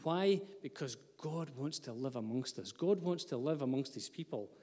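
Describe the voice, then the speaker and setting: A man's voice: mid-range voice, expressive, normal speed, warm tone, long reverb tail. A man, preaching a sermon as pastor, earnest, with light asides to the congregation. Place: church hall.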